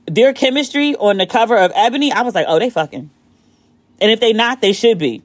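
A woman hosting a casual chat show, talking in an animated way, swearing freely and jumping high in pitch when excited, recorded on her phone. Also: quick pace, no room sound, clean studio sound. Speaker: podcast host.

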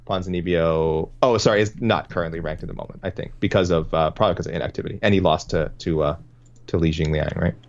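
A man co-hosting a casual podcast about fights, rambling and breaking off into quick asides. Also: low voice, fairly even intonation, a little mellow, a little hiss or hum. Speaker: podcast co-host. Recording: dull, lo-fi sound.

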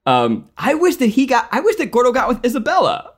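A man's voice: extremely high pitch, wildly swooping pitch, fairly quick, heavy background noise. A man co-hosting a casual podcast chat, earnestly laying out his opinion. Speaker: podcast co-host.

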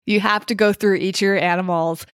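Female podcast co-host, chatty and teasing, smooth clear voice, dry sound. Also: mid-range voice, steady tone, fairly quick, no echo. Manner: chatty, laughs often, teasing. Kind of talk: casual podcast chat. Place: remote call.

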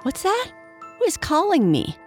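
A woman's voice: fairly low pitch, animated, a little slow, soft background music. A woman voicing a sweet, chatty little female sawdust doll in a storybook reading, cheerful and eager.

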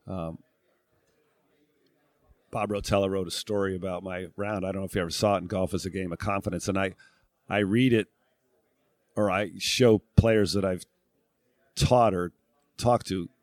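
A middle-aged man from New England speaks as an interview guest. His voice sits fairly low and he thinks aloud, restarting phrases and filling gaps with "uh" and "um". The sound is dry and close. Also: fairly even intonation, moderate pace, pauses often, no room sound. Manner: reflective, thinks aloud with frequent fillers and restarts. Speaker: guest, former tour golfer and broadcast analyst. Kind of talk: casual interview talk.

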